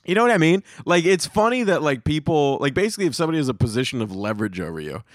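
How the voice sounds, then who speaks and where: A man's voice: a little high, racing, dry recording, clean studio sound. A man hosting his own comedy podcast, telling rambling, profane stories in a casual monologue. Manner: profane, rambling, animated storytelling.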